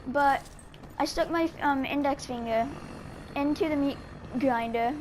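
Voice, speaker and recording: A rambling woman with a high voice tells a casual story while she plays a game. She leans hard on filler words and restarts. Faint noise runs behind her. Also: slow pace. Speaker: gamer telling a story. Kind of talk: casual storytelling over gameplay.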